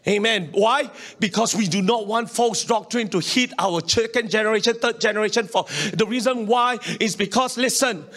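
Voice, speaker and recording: High-voiced pastor with a lilt. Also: male voice, moderate pace, hardly any pauses, fairly bright tone. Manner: emphatic, repetitive, calls for congregation responses; chuckles often between points. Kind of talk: sermon.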